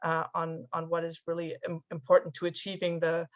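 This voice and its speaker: A woman's voice: on the low side, monotone, brisk. A woman speaking on a panel discussion, thoughtful and often restarting her sentences. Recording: dull lo-fi call audio.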